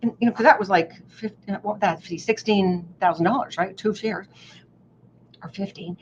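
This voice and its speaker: Woman guest, lively self-deprecating storyteller, dull lo-fi line with light hiss. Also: medium pitch, normal speed. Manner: animated, self-mocking, acts out voices in her stories. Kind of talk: casual storytelling. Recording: dull lo-fi audio with faint noise.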